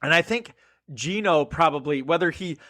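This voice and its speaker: A man's voice: fairly high pitch, lively intonation, a bit bright. A man co-hosting a casual fantasy football podcast, chatty and analytical as he lays out his picks. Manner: chatty, analytical, quick agreeing interjections. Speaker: podcast co-host.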